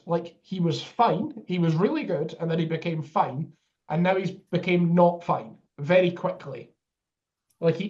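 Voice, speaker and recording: A sarcastic man co-hosting a football chat, fond of teasing jabs. His voice runs a little higher than most men's. The recording sounds a bit dull and lo-fi. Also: darkish tone. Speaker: podcast co-host.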